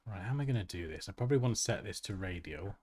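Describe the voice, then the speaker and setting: A man's voice: sits low, lively intonation, very fast, a crowd in the background. A man hosting a casual design tutorial livestream, chatty and self-mocking, who laughs often and reads chat comments aloud.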